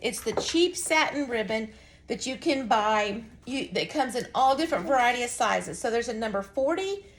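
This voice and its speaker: A woman's voice: a little high, lively intonation, moderate pace, a little hiss or hum. A woman giving a casual, folksy craft lesson, chatting to viewers as she demonstrates. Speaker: craft instructor.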